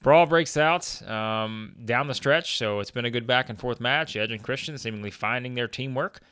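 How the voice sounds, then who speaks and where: A man's voice: mid-range voice, normal speed, pushed and bright, clear, resonant tone, dry recording, studio quality. Chatty man narrating a wrestling game. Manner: chatty, with frequent fillers and chuckles. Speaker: gaming video host. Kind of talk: casual narration of a wrestling sim playthrough.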